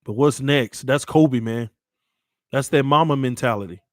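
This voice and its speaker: Sports-channel host, male, mid-pitched, heartfelt pep talk to his fans, shaken after crying, dry close sound. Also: normal speed, dry recording. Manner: earnest, repeats phrases, addresses viewers as man and y'all. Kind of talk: emotional motivational talk to viewers.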